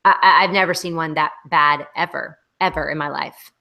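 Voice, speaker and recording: A woman's voice: low-pitched, steady tone, normal speed, creaky, muffled recording. A woman co-hosting a casual online hangout over a video call, critiquing bluntly and with emphasis. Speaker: co-host.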